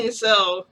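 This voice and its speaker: Bright-voiced woman in a rambling storytime. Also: fairly high pitch, husky, low-quality recording. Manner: rambling, laughs often, many fillers. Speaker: vlogger. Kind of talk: casual storytelling.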